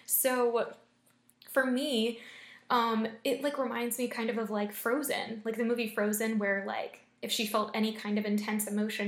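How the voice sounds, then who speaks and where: A young woman reading scary stories aloud and chatting about them between stories, using lots of fillers when she reacts. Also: on the high side. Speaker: story reader and host. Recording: roomy echo.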